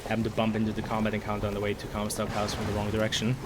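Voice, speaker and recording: A hoarse young man from Sweden, rambling excitably and swearing while commenting on a game he streams. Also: lowish voice, racing. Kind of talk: casual gameplay commentary. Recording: stream mic with game noise behind. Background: game sounds.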